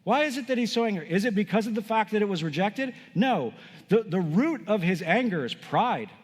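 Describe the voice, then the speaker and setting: High-voiced man preaching in a hall. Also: expressive, fairly quick, slightly rough. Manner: emphatic preaching, swings between loud and hushed. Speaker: pastor. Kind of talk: sermon. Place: church sanctuary. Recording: long hall reverb.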